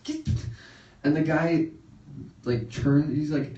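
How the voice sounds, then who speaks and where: A man's voice: takes it slowly, dark tone, highs cut off. Young guy doing standup, giggles at his own jokes, echoey room, mic a ways off. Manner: laughs at his own jokes, jumps into high yelps when acting out his reactions. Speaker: stand-up comedian. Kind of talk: stand-up set. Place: comedy studio stage. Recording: roomy, picked up from a distance.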